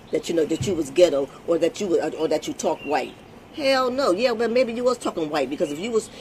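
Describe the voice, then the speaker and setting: A woman's voice: sits low, a little mellow, a little hiss or hum. A woman hosting her own vlog, talking bluntly and emphatically in an unscripted monologue, swearing freely and repeating words as she restarts. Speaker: vlog host.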